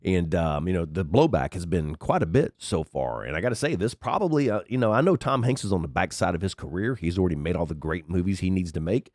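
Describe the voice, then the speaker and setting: A man's voice: animated, fast, few pauses, a little mellow, dry recording, studio quality. A man hosting his own podcast, sick and congested with sniffles, talking in a rambling, chatty commentary and swearing freely into a headset mic. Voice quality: unusually deep from a cold. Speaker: podcast host. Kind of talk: casual commentary monologue.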